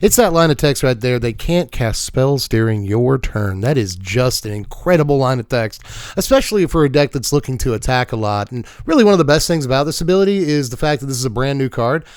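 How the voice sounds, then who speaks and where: A man's voice: mid-range voice, big pitch swings, fast, clear, resonant tone, no echo, studio quality. A man hosting a casual card game deck tech, jokey and playful with punchy asides. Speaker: card game YouTube host.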